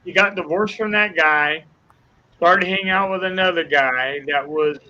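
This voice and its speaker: A man's voice: sits high, moderate pace, bright, forceful tone, dull audio. An older man, a guest, telling an emotional personal testimony, acting out the dialogue as he goes. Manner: earnest storyteller acting out dialogue.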